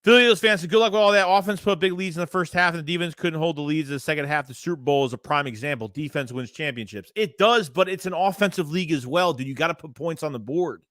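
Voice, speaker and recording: A man's voice: fairly high pitch, fast, hardly any pauses, a bit bright, no room sound, studio quality. A man hosting a casual sports livestream, ranting bluntly with profanity and repeating himself while reading chat messages. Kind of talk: casual fan rant reading live chat.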